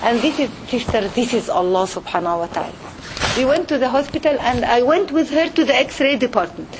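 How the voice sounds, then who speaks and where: Middle-aged woman, somewhat high-pitched, a doctor speaking to a women's group, earnest and storytelling. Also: lively intonation, brisk, noisy background. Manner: earnest, emotional storytelling, direct address. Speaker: pediatrician giving a religious talk to women. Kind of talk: heartfelt religious talk.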